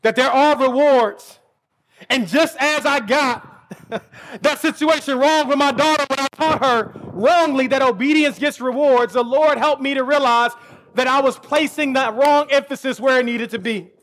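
A man preaching with an unusually high voice. He builds his points into near shouts and often doubles back over his words as he goes. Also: moderate pace. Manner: repeats words when he restarts. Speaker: pastor. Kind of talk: sermon.

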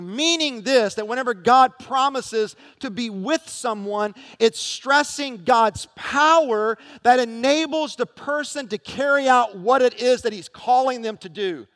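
A male pastor delivers a sermon in an animated, emphatic and conversational way. His voice sits high for a man. A long reverb from the large hall follows every phrase. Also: measured pace.

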